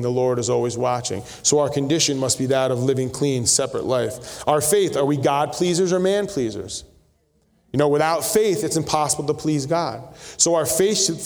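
A man's voice: on the high side, darkish tone. Man preaching in a reverberant church. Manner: conversational preaching with storytelling asides. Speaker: pastor. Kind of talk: sermon. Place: church sanctuary. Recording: long reverb of a church hall.

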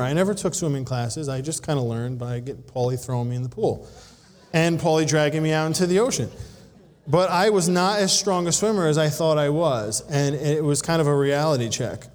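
A man preaching a sermon, telling a personal story in an animated way and acting out voices. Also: a little high, fairly quick. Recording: long hall reverb.

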